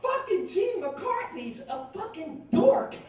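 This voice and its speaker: A man's voice: very high-pitched, very animated, takes it slowly, darkish tone, far from the mic, pitched above the performer's own voice, full character voice. A man playing a brash, profane, swaggering young male politician, recorded from afar in an echoey club. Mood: cocky.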